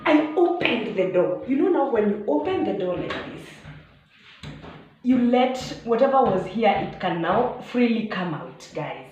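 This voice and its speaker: A Kenyan woman in her thirties, a vlogger telling a personal story in an animated way, acting out shouts and dropping to hushed asides, with Swahili words mixed in. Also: mid-range voice, measured pace, highs cut off. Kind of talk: storytelling vlog. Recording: very echoey room, faint background noise.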